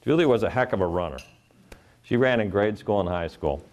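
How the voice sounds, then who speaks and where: Low-voiced middle-aged man telling stories onstage. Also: animated, brisk, darkish tone. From Ohio. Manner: earnest, acts out voices in stories. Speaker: motivational speaker. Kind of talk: live keynote storytelling.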